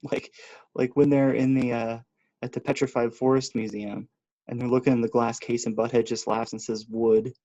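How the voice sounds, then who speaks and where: A man co-hosting a podcast in casual chat, measured and often murmuring agreement. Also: mid-range voice, flat delivery, warm tone, dull audio. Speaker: podcast co-host. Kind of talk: casual chat about films.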